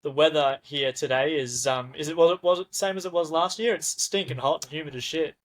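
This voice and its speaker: A man's voice: fairly high pitch, brisk. A man with an Australian accent hosting a podcast in easygoing, blunt casual chat, swearing freely. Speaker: podcast host.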